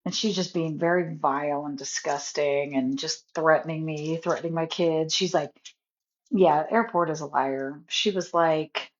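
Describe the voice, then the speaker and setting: A woman's voice: low voice, measured pace. A woman vlogging in a casual rant, indignant and rambling, often cutting herself off mid-sentence. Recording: dull lo-fi phone audio.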